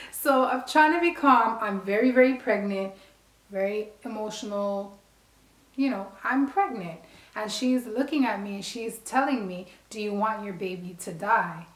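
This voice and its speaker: Woman vlogger from the Bronx, lively storytelling to camera, echoey room. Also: medium pitch, measured pace. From Bronx, New York. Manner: animated, acts out quoted dialogue. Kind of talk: casual storytelling. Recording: roomy echo.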